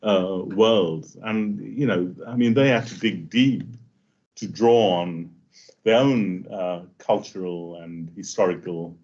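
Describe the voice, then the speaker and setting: A man giving a halting academic seminar talk, full of fillers and restarts, over muffled online call audio. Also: deep voice, a little mellow. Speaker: invited speaker.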